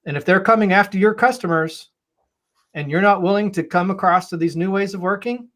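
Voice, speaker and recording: A man's voice: high-pitched, brisk, fairly bright tone. A man on a webinar panel giving emphatic, persuasive answers about agile leadership, often repeating words as he starts a thought.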